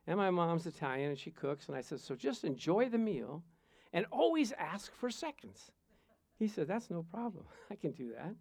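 High-voiced man preaching with playful stories. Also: a little mellow, dry recording. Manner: storytelling, playful, chuckles often. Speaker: pastor. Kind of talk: sermon with personal stories.

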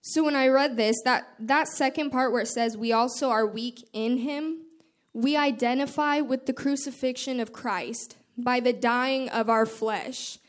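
A woman giving an earnest, informal devotional talk, reading scripture aloud and explaining it with halting restarts. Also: high-pitched, fairly even intonation. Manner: reads scripture aloud in a measured way. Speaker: speaker sharing scripture.

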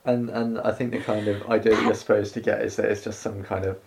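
A woman's voice: rumbling low, flat delivery, quick pace, gravelly, a little mellow, slight background noise. A woman co-hosting a casual podcast chat, dryly explaining and teasing. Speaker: podcast co-host.

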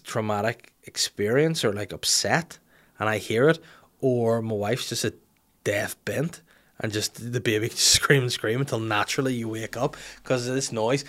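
A man's voice: lowish voice, fairly bright tone. A man, telling a rambling, jokey, self-mocking story in casual chat. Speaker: podcast host telling an anecdote.

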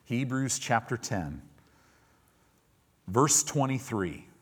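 Male pastor, mid-pitched, lively sermon delivery with loud acted-out quotes, in church. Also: takes it slowly, breathy edge. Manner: animated, swings between soft asides and loud acted-out quotes. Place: church sanctuary.

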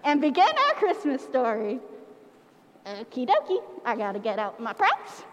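Animated high-voiced woman leading a church pageant. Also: moderate pace, big-room sound, slight background noise. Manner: animated, playful, coaxing the audience to join in. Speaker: children's pageant leader at church. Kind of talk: interactive storytelling for children. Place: church sanctuary.

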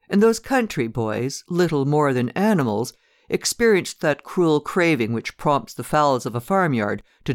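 Man, storybook narration, measured and steady, dry close recording. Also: mid-range voice, dry recording. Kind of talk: scripted narration of a classic short story.

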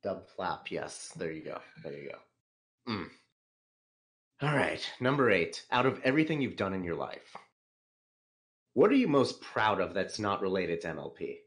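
A man hosting a casual podcast interview, reading out numbered questions in a relaxed, jokey way. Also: deep voice, moderate pace, pauses often. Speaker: podcast host.

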